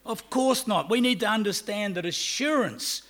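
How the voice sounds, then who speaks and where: An Australian man preaching with a voice pitched a little high that climbs and drops all the time. He stretches out key words, then lowers his voice for quick confiding asides. His delivery is animated and conversational. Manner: animated, swinging between loud emphasis and quiet asides; acts out quoted people in brief voices. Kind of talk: sermon.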